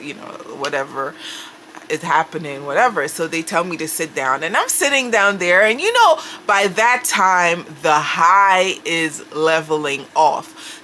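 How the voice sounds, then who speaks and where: A woman telling a personal story in a casual, animated way, acting out her own panicked lines. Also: lowish voice, a little hiss or hum.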